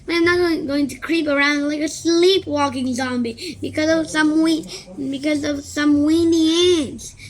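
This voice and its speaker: A woman voicing a gruff, cocky schoolboy who talks loud and brushes things off. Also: high voice, takes it slowly, exaggerated voice. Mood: brash. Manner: brash, loud, dismissive.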